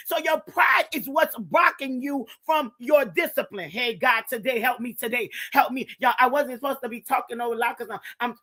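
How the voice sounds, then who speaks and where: A fervent woman preacher delivers an impassioned sermon in a high, bright voice. She keeps circling back to exclamations to God and breaks into shouts as the spirit rises. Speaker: Christian preacher and show host. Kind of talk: impassioned sermon-style exhortation.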